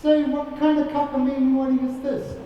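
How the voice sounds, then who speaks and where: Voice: high voice, level tone, a little fast, slight background noise, natural voice. A young actor playing a blustering, nervous male producer who is worried about his weak heart. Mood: exasperated. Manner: blustering, exasperated. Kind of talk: stage musical acting. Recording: dull, echoey stage hall from far off.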